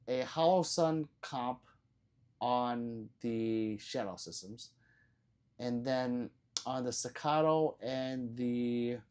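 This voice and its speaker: This livestream host has a mid-range, slightly mellow voice. He reads viewer comments aloud in a casual way, laughing a lot and swearing offhandedly.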